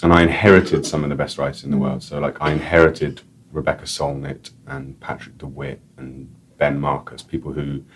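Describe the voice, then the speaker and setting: Very deep-voiced, rambling male author. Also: level tone, moderate pace, a little hiss or hum. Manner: rambling, enthusiastic, lots of "like" and restarts. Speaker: author and editor, interview guest. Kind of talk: casual interview chat.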